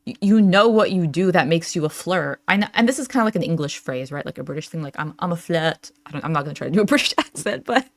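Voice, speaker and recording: A woman's voice: fairly low pitch, expressive, fast talker, few pauses, no echo. A young adult woman hosting a reaction channel, talking casually with lots of fillers and frequent laughs as she reads out chat messages.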